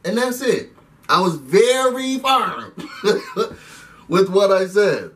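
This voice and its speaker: A man giving a chatty, animated recap and rant to his viewers, calling them "y'all" as he talks. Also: high-pitched, slow pace, far from the mic, a little hiss or hum. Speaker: reality TV recap vlogger. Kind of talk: casual recap rant to camera.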